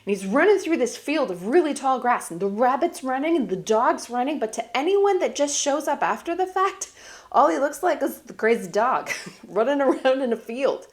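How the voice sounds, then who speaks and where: A woman's voice: sits high, sing-song, moderate pace. A middle-aged woman giving heartfelt, emphatic life advice as a family vlogger talking to camera. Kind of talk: earnest motivational talk to camera.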